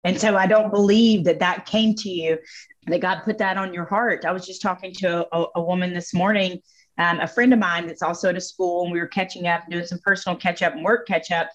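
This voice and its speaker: A woman speaking as a guest on a faith podcast, telling personal stories in an expressive, emphatic way. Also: lowish voice, fairly quick. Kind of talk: faith-based podcast conversation. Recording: slightly dull lo-fi audio.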